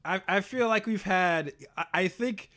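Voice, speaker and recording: A man co-hosting a casual comedic chat, joking and quick, often stammering and restarting his sentences. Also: high-pitched, sharp tone. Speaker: podcast co-host.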